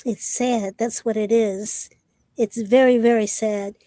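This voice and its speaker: A woman's voice: on the high side, fairly even intonation, slow, dark tone. A woman who hosts and produces a talk show, asking her guest blunt, direct questions. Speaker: host and producer. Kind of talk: interview host.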